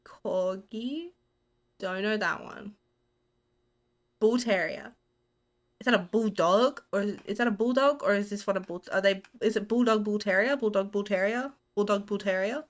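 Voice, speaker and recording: A woman's voice: medium pitch, moderate pace. A woman streamer with an Australian accent, giving live commentary on a horror game in a jumpy, giggly way, squealing and muttering to herself.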